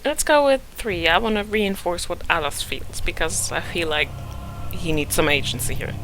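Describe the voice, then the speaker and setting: Bright-voiced woman playing a game. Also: fairly low pitch, moderate pace, a little hiss or hum, low-quality recording. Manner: chatty, laughing asides. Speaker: let's play host. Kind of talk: casual game commentary.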